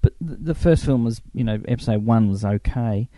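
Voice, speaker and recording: A middle-aged former film crew member tells lively anecdotes in a casual interview, acting out the voices of the people he quotes. His voice sits in the mid-range, his pace is brisk, and there's no room sound.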